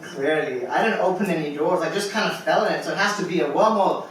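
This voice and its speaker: A man's voice: fairly high pitch, fast, fairly bright tone, a little hiss or hum. A man performing a spoken word poem on an open mic stage, anxious and ironic, questioning himself. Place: poetry club stage, live audience. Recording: very echoey club room from far off.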